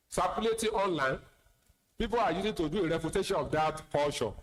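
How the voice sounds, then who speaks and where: A man's voice: high voice, fairly bright tone, poor audio. A man with a Nigerian accent, an imam giving a sermon, plain-spoken with teasing asides and repeated words. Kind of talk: sermon lecture.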